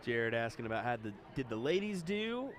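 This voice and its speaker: A Midwestern American man co-commentates a darts match, easygoing and agreeable. His voice is mid-pitched and plain. A loud, busy crowd carries on all around his mic. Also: sing-song, brisk. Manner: easygoing, laughs along, agreeable. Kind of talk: live sports commentary.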